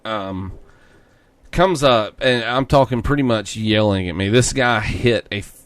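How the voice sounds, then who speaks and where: A man's voice: lowish voice, unhurried, no room sound. A man with a Southern US accent, co-hosting a podcast and telling a story in casual, profane chat. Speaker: podcast co-host.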